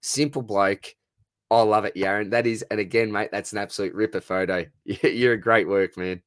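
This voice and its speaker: A man's voice: on the low side, steady tone, normal speed, a bit bright, no room sound. A man in his thirties with an Australian accent, hosting a casual live Q&A, chatty and matey, answering viewer comments. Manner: chatty, matey, calls everyone mate. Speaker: fantasy football livestream host.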